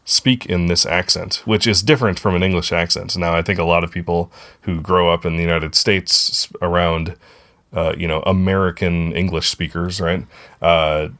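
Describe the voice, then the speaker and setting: A man's voice: low voice, fairly even intonation, moderate pace, a bit bright. A man co-hosting a podcast in casual chat, rambling and correcting himself as he goes in a friendly way. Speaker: podcast co-host.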